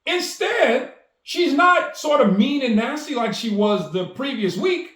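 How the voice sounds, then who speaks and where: A man's voice: very high voice, expressive, a little slow, a bit bright, echoey room. A man telling a personal story with enthusiasm, acting out the dialogue as he goes. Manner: enthusiastic, acts out quoted dialogue. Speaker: storyteller and speaker.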